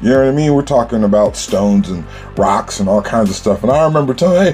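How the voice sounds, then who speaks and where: A man's voice: mid-range voice, animated, brisk, mellow, soft background music. A man telling a childhood story in casual, streetwise slang, with lots of "you know.".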